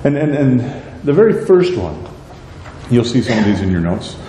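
Male pastor, animated sermon delivery with acted-out quotes, warm voice, echoey sanctuary. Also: medium pitch, normal speed. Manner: animated, acts out prayers and quotes in a raised voice. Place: church sanctuary. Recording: echoey church hall, faint noise.

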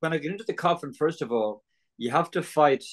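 A man's voice: fairly high pitch, a little fast. An Irish man as an interview guest, giving an earnest testimony and acting out the voices of people in his story. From Ireland.

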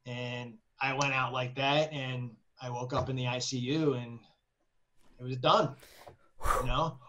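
A man, a guest on an interview podcast, telling a personal story in a casual, animated way, swearing freely and laughing between phrases. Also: mid-range voice, unhurried, highs cut off, a little hiss or hum. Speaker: guest composer.

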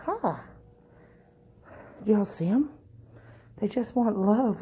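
A middle-aged woman, vlogging casually and cooing at cats in a high sing-song voice while talking through a face mask indoors. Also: lively intonation, drawn-out words, mellow, slightly rough. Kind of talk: casual vlog chat. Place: indoor cat shelter room. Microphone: handheld camera, talking through a face mask.

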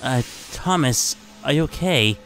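A man voicing a gentle, worried male tank engine who speaks quietly and hesitantly, with music behind him. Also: medium pitch, lively intonation, unhurried, a little hiss or hum. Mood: concerned.

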